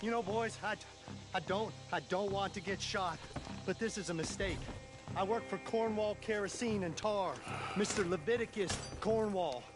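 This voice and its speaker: A man voicing a jittery male wagon driver in a video game, stammering as he pleads. His voice sits high. Game music plays loudly behind him. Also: moderate pace, natural voice. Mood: nervous. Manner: stammering, anxious.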